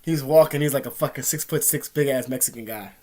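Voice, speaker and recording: A man's voice: medium pitch, quick pace, warm tone. A man ranting casually to camera in rambling, profane slang. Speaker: vlogger.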